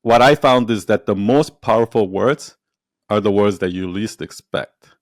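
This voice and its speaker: An entrepreneur and storyteller chats as a guest in a casual podcast interview, animatedly recounting stories, voicing quotes and laughing often. He speaks at a moderate pace in a lowish voice, recorded at studio quality with no room sound.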